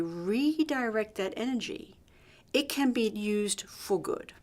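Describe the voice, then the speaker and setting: Woman giving a lively leadership talk. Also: a little high. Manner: lively, acts out quoted dialogue. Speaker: leadership trainer at a hospital. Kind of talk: storytelling workshop talk.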